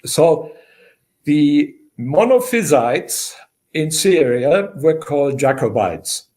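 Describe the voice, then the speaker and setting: An older man, a historian as the guest of an interview, explaining in a measured way with many filler pauses. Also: a little high, big pitch swings, warm tone. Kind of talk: unscripted interview.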